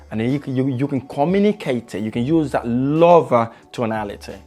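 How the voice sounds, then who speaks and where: A man teaching sales techniques as a trainer, shifting his pace and loudness to stress points and repeating words for emphasis. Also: medium pitch, lively intonation, normal speed, hardly any pauses, faint music behind. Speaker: sales trainer and property investor. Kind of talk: motivational sales lesson.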